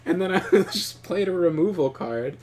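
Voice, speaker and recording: A man's voice: high voice, normal speed. A young man co-hosting a gaming video, telling stories with lots of swearing and laughter while he plays. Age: young adult. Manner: profane, laughing, animated storyteller. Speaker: gaming channel co-host. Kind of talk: casual gameplay commentary and storytelling.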